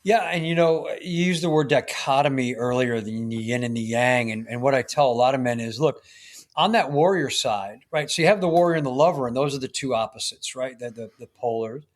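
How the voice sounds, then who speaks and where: An earnest man speaks as a guest on a podcast, explaining his coaching ideas with emphasis. His voice sits at an ordinary male pitch. He keeps checking in with his listener as he talks. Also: brisk. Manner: earnest, emphatic, often tags points with "right?". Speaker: guest, men's coach and author. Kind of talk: podcast interview conversation.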